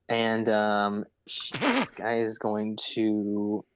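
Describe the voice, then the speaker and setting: A man running a tabletop game as game master, narrating slowly with many fillers and tallying dice aloud. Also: lowish voice, expressive, clear, resonant tone, no room sound, low-quality recording.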